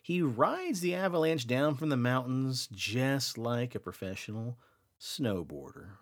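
A man's voice: mid-range voice, very animated, measured pace. A podcast host telling winter folklore tales in a casual, playful way, teasing his co-host.

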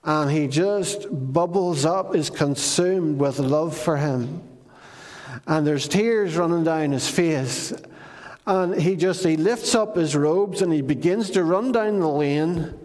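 A man preaching a sermon, retelling a story in an animated, conversational way. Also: on the high side, slow pace. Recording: long reverb of a large hall.

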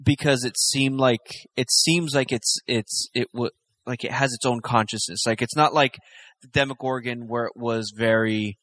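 A man chatting casually as a podcast co-host, talking in a halting way with many restarts. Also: medium pitch, fairly even intonation, fairly bright tone. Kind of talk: casual chat.

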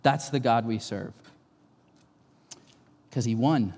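A man's voice: medium pitch, slow, a little mellow. A man preaching a sermon as pastor, in an emphatic, conversational way. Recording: long hall reverb.

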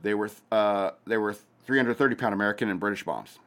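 With a fairly low, fairly bright voice and a fast pace, a man reads news headlines on his casual commentary show. He hesitates, uses lots of fillers and restarts, and drifts into sarcastic remarks.

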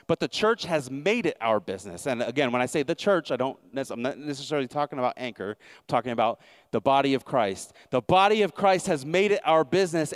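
A man's voice: fairly high pitch, clear, resonant tone, no room sound, studio quality. Emphatic male pastor preaching. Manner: emphatic, repeats key lines, wry asides. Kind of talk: sermon.

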